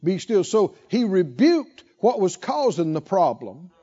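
A man's voice: high voice, sing-song, measured pace, warm tone, husky, highs cut off. A man preaching a sermon, asking rhetorical questions and repeating lines for emphasis. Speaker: pastor.

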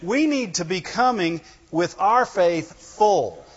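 A man's voice: high voice, animated, slow pace, slightly rough. A man preaching a conversational sermon, often checking in with the congregation and chuckling between points. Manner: keeps asking the congregation "right?" and "amen?". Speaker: pastor. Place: church hall. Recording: dull lo-fi sound with long hall reverb.

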